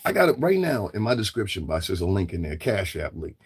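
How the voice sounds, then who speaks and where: Husky-voiced man ranting on a livestream. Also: low voice, sing-song, fairly quick. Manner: profane, confrontational, repetitive. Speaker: livestream commentator. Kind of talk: livestream rant.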